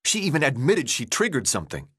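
A man's voice: mid-range voice, wildly swooping pitch, fast talker, a bit bright, husky, heavily acted. A man voicing a stubborn teenage boy who sounds skeptical and challenging. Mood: suspicious.

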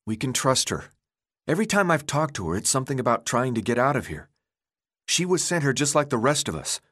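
A man's voice: medium pitch, big pitch swings, fairly quick, fairly bright tone, no echo, studio quality. Thomas: a man doing an earnest teenage boy hero. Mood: insistent. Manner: insistent, earnest.

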